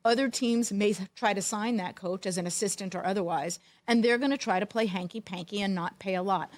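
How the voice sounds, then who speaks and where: Woman, middle-aged, sports talk co-host, wry, animated storyteller, medium pitch. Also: fairly quick. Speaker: podcast co-host, former football executive. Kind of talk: storytelling in casual chat.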